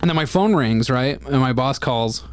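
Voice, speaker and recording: Guy on a podcast venting about a fight, swears a lot, mid-pitch, dead dry mic. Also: lively intonation, moderate pace, no echo. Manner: candid storytelling, swears freely. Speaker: podcast co-host. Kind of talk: casual chat.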